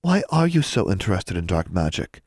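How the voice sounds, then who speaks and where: A timid young witch schoolgirl, nervous and pleading, as a man reads her. Her lines climb high and wobble with worry. The sound is close and dry. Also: very animated, a little fast, a little mellow, husky, no room sound. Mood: anxious.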